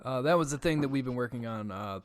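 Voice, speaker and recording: A man hosting a podcast, reading out a comic scripted story with dramatic swings from loud to hushed, then chatting casually. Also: medium pitch, expressive, fast talker. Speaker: podcast host and story narrator.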